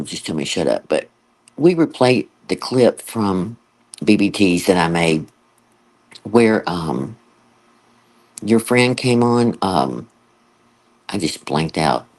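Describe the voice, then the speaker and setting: A man's voice: on the low side, gravelly, darkish tone. A man hosting a late-night livestream, chatty and laughing often as he mimics others. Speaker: livestream host. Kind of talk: casual chat.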